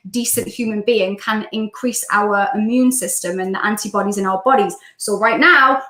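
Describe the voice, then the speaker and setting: Chatty Geordie woman, slightly high voice. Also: fairly bright tone, roomy sound. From Newcastle, England. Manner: chatty, rambling, reads out viewer comments. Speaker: life coach. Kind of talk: casual livestream talk.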